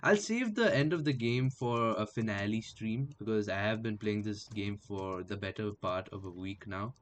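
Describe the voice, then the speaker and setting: A young man streaming gameplay, chatting casually and trash-talking enemies with sudden yells. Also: fairly low pitch, normal speed. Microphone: headphones with mic.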